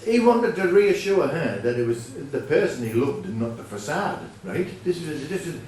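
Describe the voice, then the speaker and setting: A man who is a folk singer telling a rambling comic story on stage in a deadpan manner, with frequent self-corrections. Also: on the high side, normal speed, a little hiss or hum. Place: live venue with audience. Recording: echoey room from far off.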